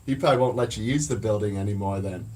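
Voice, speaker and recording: Casual male streamer, lowish voice, rambling and foul-mouthed. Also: fast talker, background noise. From Canada. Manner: profane, rambling, blunt. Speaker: livestream host. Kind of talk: casual livestream chat.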